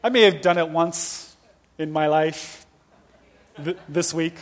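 A male pastor in his fifties preaching a sermon with lively, humorous storytelling. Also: a little high, slow pace. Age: 50s.

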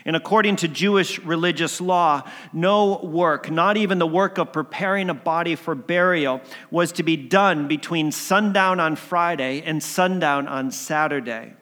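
A man telling a story as a sermon, swinging between emphatic lines and hushed ones. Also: on the high side, a little slow, few pauses. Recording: long hall reverb.

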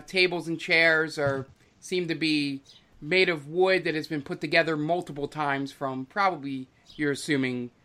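Male game master, fairly high voice, hesitant narration full of fillers. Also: pushed and bright.

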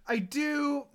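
Lively high-voiced man laughing through banter. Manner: laughs often, animated. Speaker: podcast co-host. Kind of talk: casual banter.

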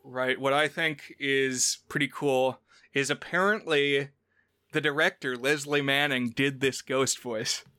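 A man with a bright, crisp, smooth voice co-hosts a casual film-review podcast. He retells scenes animatedly and jumps up in pitch to quote characters. The sound is dry and close. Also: steady tone, unhurried, no room sound. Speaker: podcast co-host.

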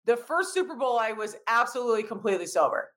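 A woman co-hosting a casual sports podcast, animated and quick with asides, swearing freely as she tells stories. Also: fairly high pitch. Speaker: podcast co-host.

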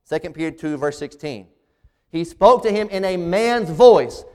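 Male preacher, earnest expository delivery with deliberate slowdowns for emphasis, slightly higher voice, lingering hall reverb. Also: animated, darkish tone. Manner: earnest, slows down to stress key phrases. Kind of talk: expository sermon.

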